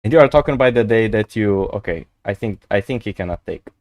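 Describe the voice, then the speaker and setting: An excitable man talks through his chess stream, his pitch leaping up and down as he tells stories. He swears and laughs freely in loose, chatty English. The sound is close and dry, with almost no room around it. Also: quick pace, no echo. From Brazil. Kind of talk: casual live-stream chat.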